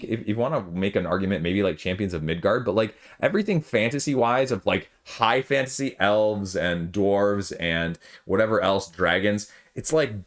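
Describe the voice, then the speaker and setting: A young man with a lowish voice talks through board game news in a loose, casual way. He rambles, jokes at his own expense and drifts into side stories before pulling himself back on track, recorded at home late at night. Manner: rambling, self-deprecating, with frequent asides. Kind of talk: casual video commentary.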